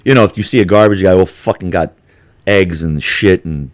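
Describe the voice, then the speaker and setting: Male podcast host, lowish voice, crude jokey banter, dry booth sound. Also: moderate pace, no echo. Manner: profane, jokey, slips into mocking impressions. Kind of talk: casual chat.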